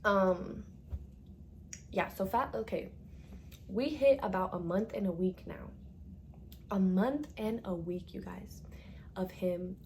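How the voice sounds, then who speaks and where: A woman's voice: fairly low pitch, slow, pauses often, darkish tone, slight background noise. Chatty young woman telling a story. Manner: chatty, dramatic, full of "like" and swearing. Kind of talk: casual storytime monologue.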